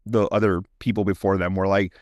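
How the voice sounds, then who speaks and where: A man co-hosts a horror podcast, chatting casually with plenty of "like" and frequent laughter, then shifting into dramatic ghost-story narration. His low voice holds a level tone at a fairly quick pace, captured dry with studio quality.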